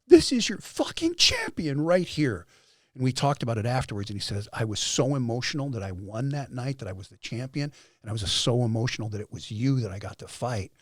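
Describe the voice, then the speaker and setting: A man's voice: medium pitch, fast, hardly any pauses, no echo, studio quality. A man in his fifties telling his story as a podcast guest, acting out quoted voices and swearing freely. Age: 50s. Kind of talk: animated storytelling.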